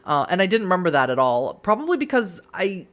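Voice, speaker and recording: Lively, laughing woman streamer. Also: fairly low pitch, quick pace. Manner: laughs often, chatty and self-mocking. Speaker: game streamer and community ambassador. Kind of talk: casual let's-play commentary and narration.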